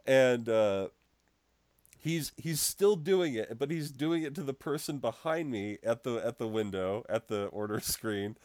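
A man co-hosting a podcast, telling an animated story in casual chat and laughing as he goes. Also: mid-range voice, measured pace, no room sound. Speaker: podcast co-host.

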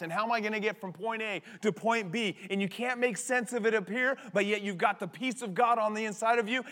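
Guy pastor preaching hard, loud then hushed, high voice, big echoey hall. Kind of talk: sermon. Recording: long hall reverb.

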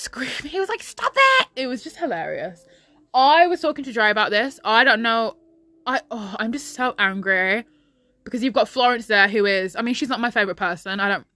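A woman's voice: medium pitch, bright, forceful tone, no room sound. A young woman, bluntly ranting in a casual opinion chat as a vlogger.

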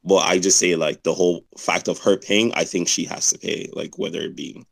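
A man's voice: sits low, steady tone, a little fast, gravelly. A man co-hosting a podcast in casual chat, laid-back and slangy, often laughing. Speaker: podcast co-host.

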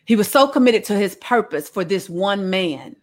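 Animated woman preaching casually. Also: medium pitch, moderate pace. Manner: animated, slangy, storytelling. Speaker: bible teacher. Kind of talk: casual sermon.

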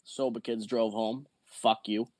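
A man's voice: fairly low pitch, little pitch movement, a little slow, darkish tone, no room sound. A man telling a rambling, profane story in a casual podcast chat. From not from Jersey or Pennsylvania.

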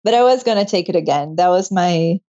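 A woman's voice: on the low side, expressive, fairly quick, dark tone. A young woman guest in an interview, telling her story in a casual, emotional way and laughing often. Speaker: interview guest, medical student. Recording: slightly dull lo-fi sound.

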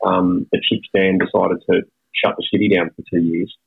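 A man's voice: deep voice, flat delivery, normal speed, vocal fry, breathy edge, phone-quality sound. A man with an Australian accent chatting casually and telling stories with self-mocking humor. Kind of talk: casual chat.

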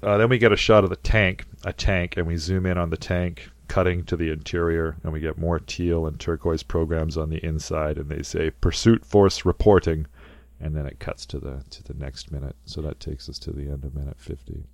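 A man's voice: very deep voice, flat delivery, fairly quick, gravelly, hardly any pauses, no echo. A man co-hosting a casual podcast, talking through a film scene and acting out quotes in goofy voices. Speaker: podcast co-host.

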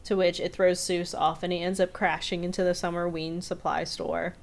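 A woman's voice: fairly low pitch, little pitch movement, moderate pace. A woman co-hosting a podcast, casually retelling a cartoon episode in a rambling way with lots of ums and uhs. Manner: rambling retelling with many fillers. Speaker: podcast co-host. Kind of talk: casual recap chat.

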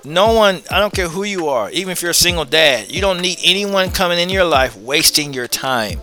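A man's voice: fairly high pitch, lively intonation, fairly quick, hardly any pauses, sharp tone, soft background music. A man hosting his own show, giving a blunt, casual opinion monologue to his viewers and hammering his points home with repetition. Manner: casual and blunt, drops in slang.

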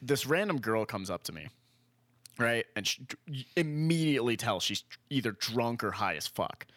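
A man's voice: medium pitch, normal speed, dry recording. Young man telling a story, dry close sound. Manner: animated storytelling, swearing, laughing often. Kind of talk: casual chat.

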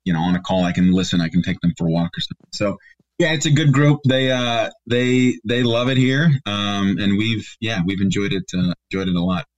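Middle-aged male guest, lowish voice, rambling chat over a video call. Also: a little fast, highs cut off. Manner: rambling, many fillers and restarts. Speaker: guest, company regional director. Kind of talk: casual interview chat. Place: home basement office.

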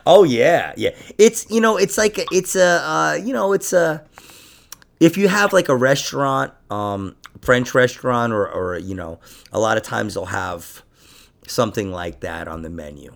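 A man's voice: mid-range voice, expressive, a little slow, creaky, a bit bright. A man co-hosting a comedy podcast in casual chat, laughing often and breaking into silly mock voices.

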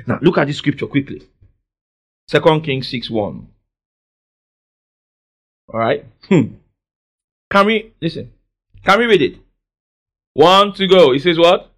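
A man preaching a sermon, calling for responses from the congregation and swinging between soft asides and loud declarations. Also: a little high, expressive, unhurried, long pauses. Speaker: pastor.

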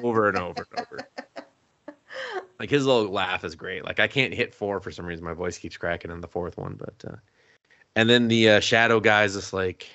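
Deep-voiced man recapping a show, dry sound. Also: creaky, no room sound. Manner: animated storytelling, acting out characters' lines, laughs often, swears casually. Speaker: podcast co-host. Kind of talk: casual chat, recapping an anime episode.

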